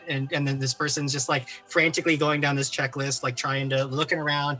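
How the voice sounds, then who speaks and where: A man running a tabletop game as game master, narrating in a halting way with many fillers and restarts. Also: mid-range voice, flat delivery, sharp tone, faint music behind, low-quality recording.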